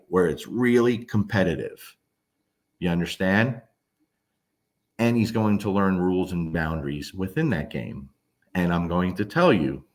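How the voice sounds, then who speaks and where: A man, a dog trainer, talking casually to camera, emphatic and blunt, often asking the listener whether they understand. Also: fairly low pitch. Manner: emphatic, keeps checking in with the listener.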